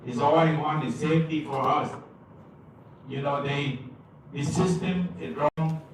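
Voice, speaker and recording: A man with a fairly high-pitched voice gives public comment at a meeting, his broken English halting, repetitive, and full of stumbles. He sounds remote within a big, echoing hall, a steady noise running below him.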